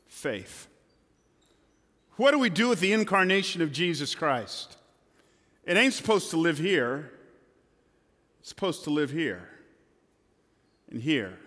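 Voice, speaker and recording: Male pastor, sermon from the stage, bright ringing tone, long church reverb. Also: fairly high pitch, very animated, slow pace, long pauses. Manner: emphatic, colloquial, swings from loud to hushed. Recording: long hall reverb, faint music.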